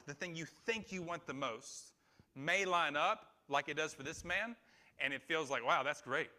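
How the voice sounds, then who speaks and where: A man's voice: fairly high pitch, bright, forceful tone. A man preaching a sermon in a small church room, talking conversationally and putting questions to the people in front of him. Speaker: pastor.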